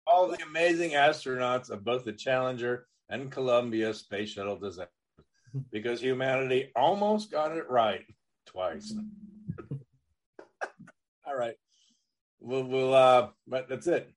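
A man's voice: mid-range voice, a little slow, long pauses. A man hosting a comedy podcast, joking crudely and bantering loosely. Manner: animated and joking, with a lively, swinging delivery. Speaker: podcast host.

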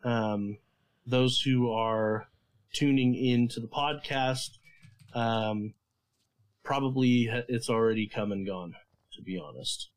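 A man's voice: mid-range voice, slow pace, poor audio. Hesitant male podcast co-host. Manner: hesitant, full of fillers. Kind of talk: casual podcast chat.

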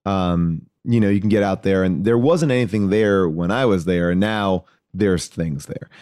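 Male comedian guest, low-pitched, dry close sound, loose rambling anecdote style. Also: normal speed, clear, resonant tone, no echo. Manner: animated, acts out voices in his anecdotes; loose and rambling, many fillers and restarts. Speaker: podcast guest, actor and comedian. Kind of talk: casual storytelling chat.

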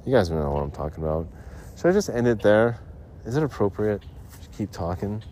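A man's voice: fairly low pitch, sing-song, brisk, warm tone, a little hiss or hum. A man hosting a casual podcast, rambling through a funny story with profanity and laughter. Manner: loose, profane, laughs through his own stories. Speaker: podcast host.

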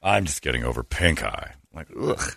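A man's voice: extremely low pitch, very animated, a little fast, creaky, sharp tone, dry recording, studio quality. A man hosting a talk show, telling a comic story in a rambling, self-interrupting way and laughing at his own jokes. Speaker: radio show host. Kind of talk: comedic storytelling banter.

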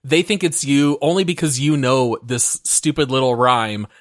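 Relaxed man in dry-sounding casual chat. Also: mid-range voice, normal speed, no echo. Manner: relaxed, prompting, amused.

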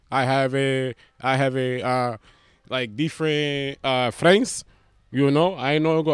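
A man's voice: a little high, smooth, no room sound, clean studio sound, voice pushed up, close to an everyday voice. A comedian putting on a boastful man with a put-on Dominican-style accent, calling the listener papi and baby. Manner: swaggering, rambling, calls listener papi and baby. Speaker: stand-up comedian.

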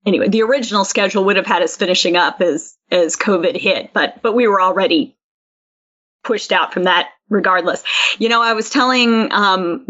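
A woman's voice: mid-range voice, moderate pace, fairly bright tone. A woman co-hosting a podcast, chatty with lots of ums. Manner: chatty, many fillers. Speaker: podcast co-host. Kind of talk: casual chat. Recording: dull lo-fi sound.

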